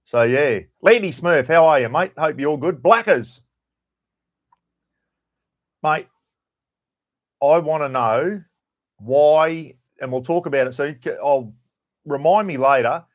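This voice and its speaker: A man's voice: on the high side, slow pace, pauses often. A middle-aged Australian man hosting a casual live stream, chatting loosely and greeting viewers by name. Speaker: livestream host.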